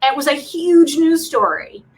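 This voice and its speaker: A woman co-hosting a podcast in casual chat, animated and opinionated, teasing her co-host. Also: sits high, normal speed, poor audio.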